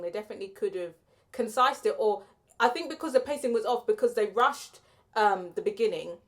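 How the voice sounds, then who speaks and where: A young woman giving a casual, opinionated spoken film review, chatty and full of "like" and "um". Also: medium pitch.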